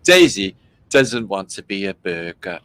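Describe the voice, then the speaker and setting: A man's voice: low voice, sing-song, a little slow, a bit bright, dry recording, low-quality recording. A man hosting a livestream, making sarcastic jokes and slipping into silly voices. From Britain. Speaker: livestream host. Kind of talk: casual mocking commentary.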